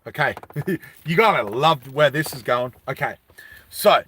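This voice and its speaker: A man's voice: medium pitch, expressive, measured pace, a bit bright, a little hiss or hum. A man telling a story casually to a live chat as a streamer, chatty and rambling.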